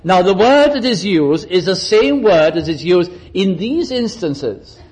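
High-voiced preacher with dramatic delivery. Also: male voice, very animated, measured pace, darkish tone, poor audio. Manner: dramatic, varies pitch and pace for emphasis, acts out quotes. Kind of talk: sermon.

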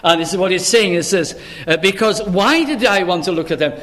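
An older man preaching a sermon in an earnest voice. He uses old-fashioned biblical phrasing, rises sharply on pleading calls and drops low and soft between them. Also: lively intonation, fairly quick.

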